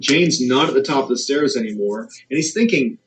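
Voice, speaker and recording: Narrating a true horror tale, this man ramps up the tension, his pitch climbing as the suspense builds. His delivery is animated and brisk, captured on a rough recording.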